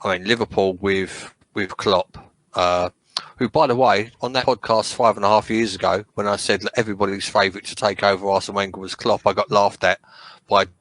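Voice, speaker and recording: A man's voice: lowish voice, fairly even intonation, brisk, fairly bright tone, dry recording, rough recording. A man from England chatting casually about football on a podcast, rambling and swearing freely. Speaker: podcast co-host.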